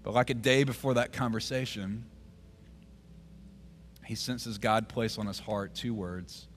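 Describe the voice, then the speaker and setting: A man, preaching a sermon as the pastor. He tells a story, drops almost to a whisper at tender moments, and grows forceful when he urges the congregation. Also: fairly low pitch, fairly even intonation, unhurried, slight background noise.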